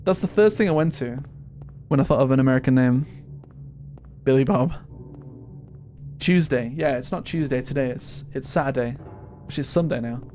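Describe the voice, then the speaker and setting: A man's voice: mid-range voice, moderate pace, pauses often, warm tone, soft background music. Chatty English man streaming a game. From England. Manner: chatty, laughs often, self-deprecating. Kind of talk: casual gaming stream chat.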